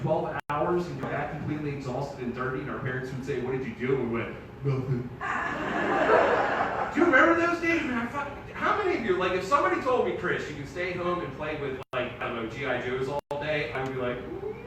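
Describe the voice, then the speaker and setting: A man doing a stand-up set live on a theater stage, brash and profane, shouting his punchlines. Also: high-pitched, heavy reverb, recorded from a distance, background noise. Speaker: stand-up comedian.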